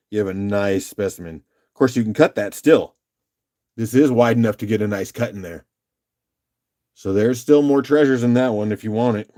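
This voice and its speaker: A man's voice: lowish voice, moderate pace, mellow. Chatty man hosting a live auction. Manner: upbeat, chatty, laughs often. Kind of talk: casual live-stream auction chat.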